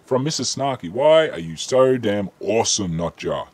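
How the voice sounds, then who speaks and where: Husky low-voiced Australian man. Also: normal speed. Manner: relaxed, chatty, reads chat questions aloud with frequent ums. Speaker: streamer answering viewer questions. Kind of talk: casual live-stream Q&A.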